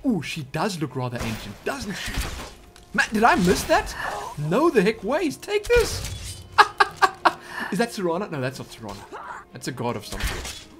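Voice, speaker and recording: A man giving excitable, chatty commentary over his game, often exclaiming and joking. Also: high voice, a little slow, pauses often, music in the background. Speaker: let's play gamer. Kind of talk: live gameplay commentary.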